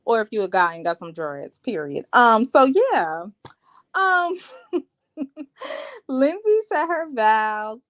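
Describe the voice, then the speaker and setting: A woman's voice: mid-range voice, a bit bright. A woman hosting a live reality TV recap, chatting in a sassy, gossipy, slangy way. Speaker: show recap host.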